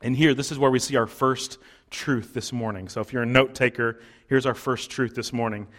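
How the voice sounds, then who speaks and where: A man's voice: mid-range voice, fairly even intonation, moderate pace, fairly bright tone. A man preaching a sermon in a conversational way, with fillers and restarts, as pastor of the congregation.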